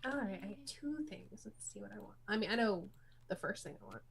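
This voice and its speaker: A woman's voice: medium pitch, expressive, brisk, creaky, slight background noise. A woman playing a tabletop game, chatting casually and giggling as she picks skills. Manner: giggly, upbeat. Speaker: player.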